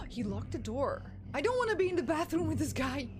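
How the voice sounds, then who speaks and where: A woman's voice: high voice, brisk, noisy background. A woman streaming a game, chatting casually and giggling a lot as she plays. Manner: giggly and excitable, laughing often. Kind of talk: casual live-stream commentary.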